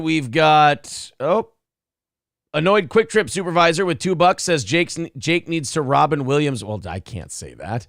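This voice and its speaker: A man hosting a casual livestream, reading super chats in a profane, rowdy way with sudden loud outbursts, a little drunk. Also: a little high, big pitch swings, unhurried, vocal fry, dry recording, studio quality. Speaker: livestream host.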